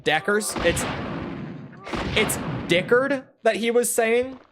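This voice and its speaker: A man's voice: very high-pitched, takes it slowly, noisy background. A young man from Minnesota, streaming a game from his room and chatting with viewers in a rambling, profane, joking way. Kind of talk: casual chat with viewers while gaming.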